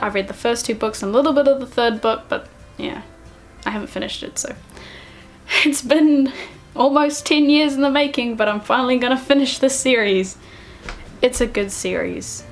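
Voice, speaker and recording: A woman talks to camera in a casual vlog. She is bubbly and excitable, laughs at herself, and speaks with a slightly high voice. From New Zealand. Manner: bubbly, excitable, self-deprecating, giggly. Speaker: book vlogger.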